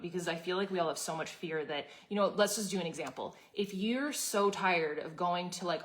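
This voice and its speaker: Chatty, candid woman host, low voice. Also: fairly bright tone. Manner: chatty and candid, many fillers and restarts. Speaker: host of a live community session. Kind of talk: casual motivational talk to viewers.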